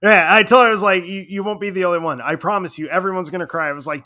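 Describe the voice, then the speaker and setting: A middle-aged man in casual chat, telling a story in an animated way and laughing often. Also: sits high, very fast.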